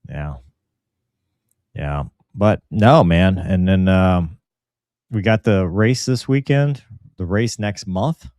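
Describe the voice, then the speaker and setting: A man with a lowish voice hosts a casual podcast, talking animatedly and slipping into quick impressions of whoever he is quoting. The sound is dry and close, with no room echo. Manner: animated, mimics quoted voices, lots of fillers. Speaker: podcast host.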